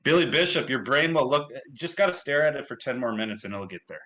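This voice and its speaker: A man's voice: medium pitch, lively intonation, quick pace, sharp tone, rough recording. A man with a Midwestern accent hosting a casual livestream, commenting in an upbeat, rambling way with fillers. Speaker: stream host.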